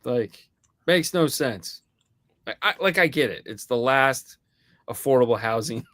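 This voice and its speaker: A man co-hosting a podcast in casual chat, telling a story in a lively way and acting out the voices of the people in it, swearing now and then. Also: medium pitch, a little slow, dry recording, clean studio sound. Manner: animated storyteller acting out quoted dialogue. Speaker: podcast co-host.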